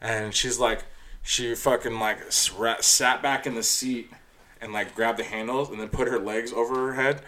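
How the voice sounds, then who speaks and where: A man's voice: mid-range voice, steady tone, moderate pace, pushed and bright. A man casually telling a long story from his nightlife job, profane and rambling, full of fillers, getting heated as he retells it.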